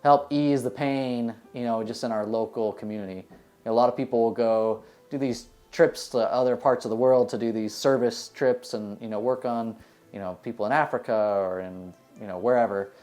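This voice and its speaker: A man from the United States, a dentist, answering interview questions in a relaxed, rambling way with many fillers. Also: medium pitch, normal speed. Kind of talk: casual interview answers, storytelling.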